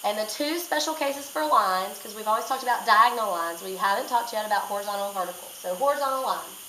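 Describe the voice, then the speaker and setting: A woman's voice: medium pitch, quick pace, bright, forceful tone. A woman teacher talking through a recorded math lesson step by step, repeating key points. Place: classroom. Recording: echoey room, faint noise.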